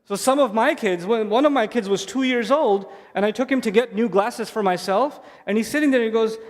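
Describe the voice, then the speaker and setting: A man's voice: high-pitched, lively intonation, a little fast. A man giving an earnest, conversational Islamic talk on stage to families, repeating key phrases for emphasis. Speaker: Islamic speaker addressing families. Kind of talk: live lecture to an audience. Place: stage in a large hall. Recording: long hall reverb from a live event.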